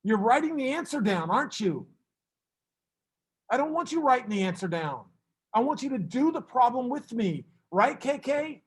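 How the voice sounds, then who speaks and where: A man teaching a math class, brisk and teasing, fussing at students and then reassuring them. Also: very high voice, very animated, breathy edge.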